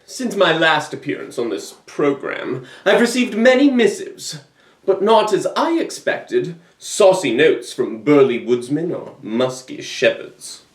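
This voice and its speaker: A man's voice: on the high side, very animated, unhurried. A man playing a vain, aloof young prince who speaks in a grand, formal way. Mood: haughty. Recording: echoey room, mic far off.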